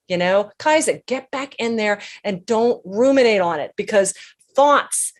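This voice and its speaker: A woman's voice: mid-range voice, expressive, a little slow. Emphatic woman guest full of sayings. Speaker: guest, leadership speaker. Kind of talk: conversational interview.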